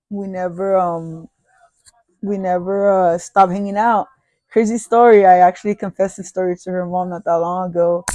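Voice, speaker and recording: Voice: medium pitch, darkish tone, dry recording. A podcast host telling a personal story casually, swearing often and rambling with restarts.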